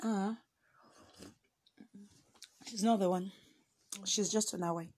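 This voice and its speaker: A woman's voice: medium pitch, fairly even intonation, slow pace, darkish tone, a little hiss or hum. A woman hosting a casual livestream on her phone, telling stories dramatically with sudden exclamations and switching between Yoruba and English. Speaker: livestream host.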